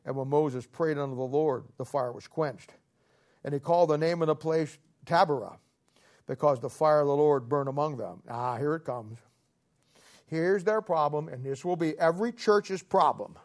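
A man's voice: fairly high pitch, normal speed. Emphatic, sarcastic male preacher. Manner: emphatic, sarcastic, rising to loud outbursts. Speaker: pastor. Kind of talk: sermon.

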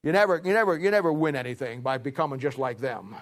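A man preaching a sermon, emphatic and repetitive, swinging between loud emphasis and hushed, drawn-out lines. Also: medium pitch, lively intonation.

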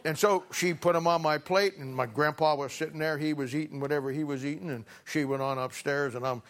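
A man's voice: on the high side, steady tone, fairly quick, a bit bright. A middle-aged man preaching a sermon, telling a homespun story with humor before turning to scripture. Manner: folksy, humorous storyteller who laughs through his anecdotes.

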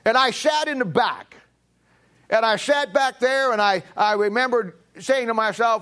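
A middle-aged man preaching a sermon, telling a personal story and swinging from emphatic peaks to low, quiet stretches. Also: expressive, normal speed. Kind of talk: sermon testimony.

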